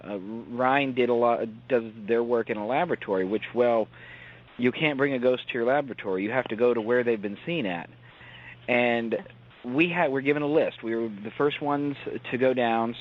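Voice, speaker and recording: A man guest recounting a field investigation in conversation, earnest and enthusiastic about history. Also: medium pitch. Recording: dull lo-fi audio.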